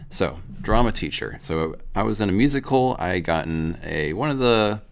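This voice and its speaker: A man's voice: deep voice, expressive, moderate pace, gravelly. A young man co-hosting a casual talk show, rambling and laughing as he tells a story. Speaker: podcast co-host.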